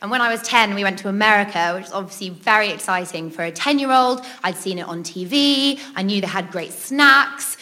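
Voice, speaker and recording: A woman's voice: medium pitch, fairly quick, hardly any pauses, bright, forceful tone. A woman telling a funny personal story in a chatty way, giggling often and dropping in ums. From Britain. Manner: chatty, giggles between lines, many ums. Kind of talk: comic personal anecdote.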